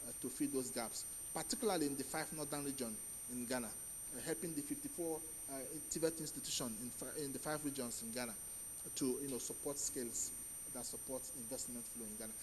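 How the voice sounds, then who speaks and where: A man with a Nigerian accent giving a conference speech, halting often with fillers and restarts. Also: medium pitch, fairly even intonation, long reverb tail, background noise. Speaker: conference speaker.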